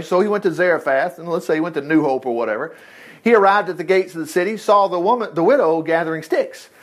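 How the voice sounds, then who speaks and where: Folksy, animated preacher, man. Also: on the high side. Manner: folksy, animated, reads scripture then riffs with asides and laughs. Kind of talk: sermon with Bible reading.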